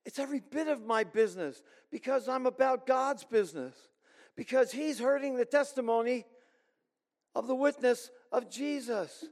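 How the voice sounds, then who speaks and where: High-voiced pastor preaching in a reverberant hall. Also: male voice. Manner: earnest, emphatic preaching with pauses. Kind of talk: sermon. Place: church sanctuary.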